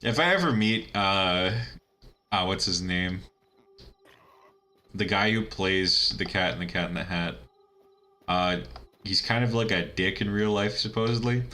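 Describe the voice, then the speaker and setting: A man's voice: low-pitched, unhurried, pauses often, sharp tone. A man giving casual, rambling commentary while playing a video game, chatty and laughing at his own asides. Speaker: let's-play gamer.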